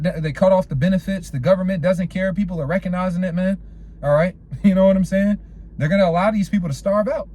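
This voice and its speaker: A man's voice: high voice, dark tone, a little hiss or hum. A man preaching an informal sermon, quoting scripture and telling street stories, filling his talk with "all right" and "man". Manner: casual slangy storytelling.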